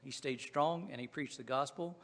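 A man's voice: mid-range voice, normal speed, in a large hall. A man with a Southwest Virginia accent preaching a sermon in a folksy, conversational way, with frequent restarts and fillers. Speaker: pastor.

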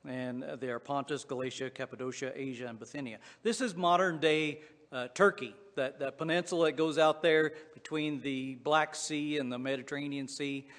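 A man's voice: on the high side, fairly bright tone, long reverb tail. A man with a Southwest Virginia accent preaching a sermon in a folksy, conversational way, with frequent restarts and fillers. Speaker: pastor.

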